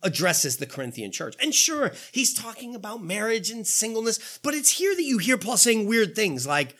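Bright, lively-voiced preacher in his fifties. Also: high-pitched, normal speed. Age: 50s. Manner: informal, asks the congregation rhetorical questions. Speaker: pastor. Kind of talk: conversational sermon.

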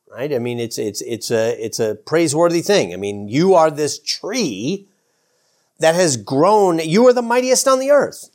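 A male pastor preaching a sermon in a loose, conversational way, with fillers, repeats and self-corrections. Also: a little high.

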